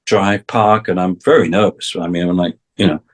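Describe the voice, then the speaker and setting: A man's voice: low-pitched, fairly even intonation, moderate pace. A man in his sixties with an English accent, a guest on a talk show, telling long stories about his career and restarting his sentences often. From England. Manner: rambling, many restarts, acts out quoted voices. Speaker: guest, session drummer. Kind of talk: casual storytelling interview.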